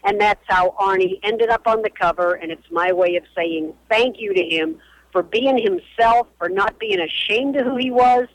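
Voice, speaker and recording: Older lady guest on the phone, lively storyteller, dry close sound. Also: mid-range voice, normal speed, no echo, rough recording. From Boston area, US. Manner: animated, emphatic storyteller. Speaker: radio historian and author, guest. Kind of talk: phone interview on a radio show.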